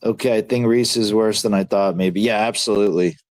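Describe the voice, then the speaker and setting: A man hosting a livestream, reacting excitedly to fights as they happen and reading chat in a slangy, casual way. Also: on the low side, fairly quick, dry recording. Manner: excitable, slangy, talks to chat as dude and bro. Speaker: livestream host.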